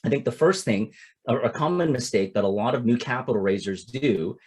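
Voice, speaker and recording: Husky-voiced man in his forties. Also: mid-range voice, animated, brisk, a little mellow. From Toronto, Canada. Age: 40s. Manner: conversational, often repeats "it's like" and "right?". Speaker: capital-raising coach. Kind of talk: casual instructional talk with anecdotes.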